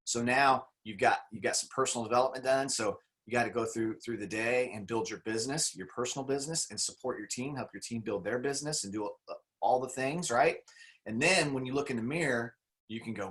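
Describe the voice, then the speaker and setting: A man's voice: mid-range voice, a little fast, a bit bright. Upbeat man giving a motivational talk. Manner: enthusiastic, conversational, acts out quotes. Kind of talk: motivational talk on a video call. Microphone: video call.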